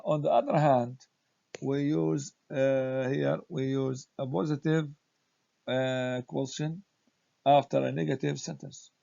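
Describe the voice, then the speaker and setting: A man teaching a grammar lesson, speaking haltingly with many "uh" fillers as he reads example sentences aloud. The recording is dull, lo-fi and dry. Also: medium pitch, gravelly, dark tone, no echo. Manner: slow, halting delivery with frequent "uh" fillers.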